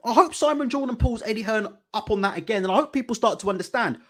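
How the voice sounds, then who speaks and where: A man's voice: sits high, quick pace, a bit bright. A British man hosting a boxing channel, ranting in live commentary with heated, profane rhetorical questions. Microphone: desk mic.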